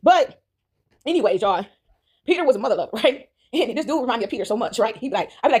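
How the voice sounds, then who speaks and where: A woman's voice: on the high side, animated, fairly quick. A woman giving a casual spoken reflection on Bible stories, rambling and checking in with "right?" and "y'all" all the time, and laughing often as she goes. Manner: laughs often while telling. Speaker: video creator sharing faith reflections.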